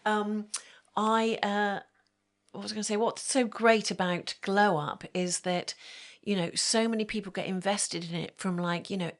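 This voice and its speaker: A woman's voice: mid-range voice, fairly even intonation, moderate pace. A woman make-up artist, chatting as an interview guest and acting out the voices of people in her stories. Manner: chatty storyteller, acts out quoted voices, many fillers. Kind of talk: casual interview chat.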